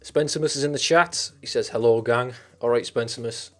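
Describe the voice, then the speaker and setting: A man's voice: medium pitch, brisk, fairly bright tone. Young man, livestream host, rambling chatty talk, faint background music. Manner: rambling, many fillers and restarts, chatty with viewers. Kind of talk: casual rambling livestream chat.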